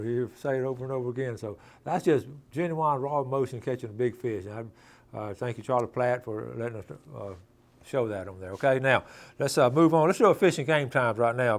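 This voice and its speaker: Male host, mid-pitched, folksy and chatty, reading viewer names on air. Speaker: host of an outdoors show. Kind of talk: casual broadcast hosting.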